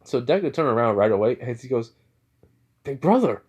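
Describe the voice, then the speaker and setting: A man casually telling a fan-fiction story out loud, rambling with lots of filler words. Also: medium pitch, fast talker.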